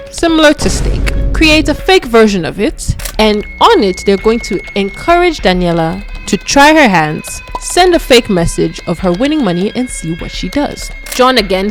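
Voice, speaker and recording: A woman tells a story in a relaxed, conversational way, like chatting with a friend. She drops her voice low when she quotes the characters. Her voice sits at a middle pitch, and faint music plays underneath. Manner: chatty, acts out quoted lines in a lower voice. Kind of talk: casual story narration.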